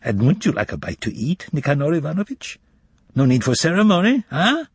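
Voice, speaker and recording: A man's voice: fairly high pitch, sing-song, brisk, breathy edge, no room sound, pitched above the performer's own voice, exaggerated voice. Korovyov, a quavering tenor, a man putting him on. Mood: wheedling. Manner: confiding, evasive, fawning. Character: bombastic, wheedling male con-man interpreter, tall and gaunt.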